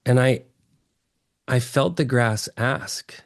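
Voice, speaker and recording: A man from Texas telling his story as an interview guest, earnest and excitable, often restarting his phrases. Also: mid-range voice, slow pace, no echo, clean studio sound. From Texas, USA.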